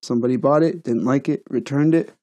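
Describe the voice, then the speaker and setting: The recording is muffled as a man with a dark, mid-range voice talks a little fast in a casual gadget-review vlog. At home on a wireless lavalier mic, he speaks to camera, rambling and stuttering with repeated words.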